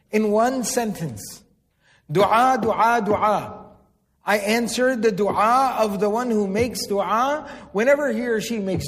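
A man delivers a sermon in a high, clear register, pausing to ask his listeners questions and repeating key words for emphasis. His voice carries a long reverb from a large hall. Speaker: Islamic preacher.

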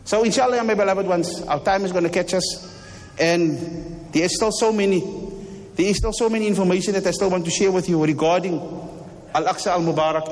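In a large mosque hall, an imam with a high-sitting voice delivers a fervent, impassioned sermon. He repeats lines and fires off rhetorical questions.

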